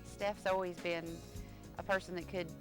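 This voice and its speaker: Woman, middle-aged, interviewee, low voice, fast, faint music. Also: little pitch movement. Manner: fond, reflective. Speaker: interviewee, proud parent.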